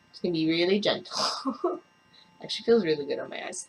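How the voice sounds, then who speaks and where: A woman's voice: lowish voice, very animated, a little fast, vocal fry, long pauses, fairly bright tone. Profane ranting young woman vlogger. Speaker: beauty vlogger. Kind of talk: casual makeup review.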